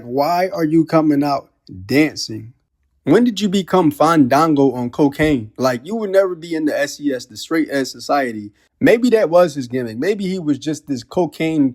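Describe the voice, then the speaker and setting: A man's voice: mid-range voice, a little mellow. Man ranting in disbelief. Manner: incredulous, heavy on rhetorical questions and slang. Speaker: wrestling commentary vlogger. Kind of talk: casual ranting commentary.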